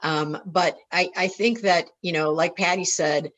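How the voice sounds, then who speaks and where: A woman's voice: lowish voice, steady tone, unhurried, a bit bright. A woman business owner on a panel, talking reflectively with many small fillers. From Chicago. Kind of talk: panel discussion.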